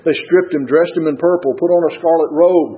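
A man preaching a sermon and reading scripture aloud, earnest, rising to stress key points and dropping low at the ends of phrases. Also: steady tone, brisk. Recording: tinny phone-like radio broadcast.

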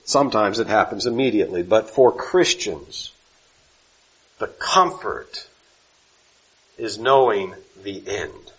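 A man preaching a sermon, swinging from loud emphatic lines to soft, slow ones. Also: lowish voice, animated, dull audio.

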